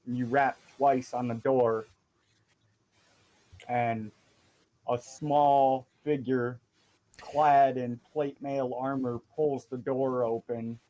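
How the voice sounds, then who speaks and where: A man running a tabletop game, describing scenes in an easy, unhurried way. His voice sits at an ordinary middle pitch. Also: low-quality recording. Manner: relaxed, descriptive narration. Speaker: game master.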